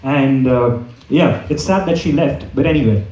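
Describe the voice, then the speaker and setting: A man's voice: mid-range voice, moderate pace, dark tone, dull audio. A man doing a stand-up comedy set on a club stage, rambling with lots of fillers and restarts while the audience laughs. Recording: echoey room, mic far off.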